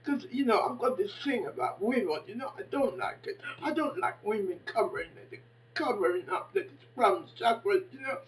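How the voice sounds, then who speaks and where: A woman in her fifties giving an impassioned monologue, dramatic and exclaiming, swinging between hushed and loud. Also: mid-range voice, lively intonation, normal speed, far from the mic, rough recording. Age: 50s. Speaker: poet and commentator.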